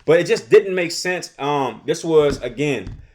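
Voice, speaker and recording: A young man casually recapping a TV episode, rambling and animated, often acting out characters' lines. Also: fairly high pitch, unhurried. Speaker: show recap host.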